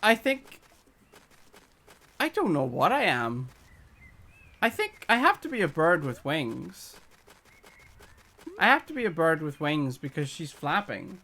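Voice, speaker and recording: A man streaming a game live, giving excitable, competitive commentary and reading in-game dialogue aloud. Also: a little high, slow pace, pauses often.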